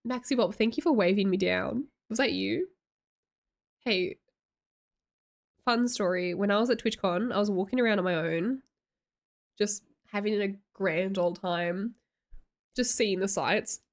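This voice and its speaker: A woman's voice: mid-range voice, measured pace, long pauses. A woman chatting casually on a livestream, reading chat aloud and telling stories with lots of giggles.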